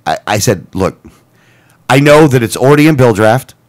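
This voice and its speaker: A man co-hosting a radio talk show, telling a story in a casual, animated way, acting out both sides of a phone call. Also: medium pitch, normal speed. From Florida. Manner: animated, retelling phone calls with quoted dialogue and self-corrections.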